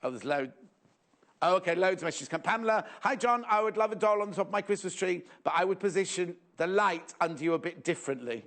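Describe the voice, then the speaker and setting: Man, shopping TV host, fairly high-pitched, playful, chatty, reads viewer messages. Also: lively intonation, fast, a bit bright. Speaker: TV shopping presenter. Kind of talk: live shopping channel chat, reading viewer messages.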